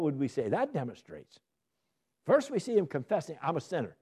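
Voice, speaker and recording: A man leads a Bible study in a sermon style, with a voice that sits a little high and swings widely in pitch. He poses questions and answers them himself, and he builds into emphatic peaks. His tone is mellow and soft-edged. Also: brisk, breathy edge. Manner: lively, asks questions and answers them, rising to emphatic bursts. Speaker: Bible teacher.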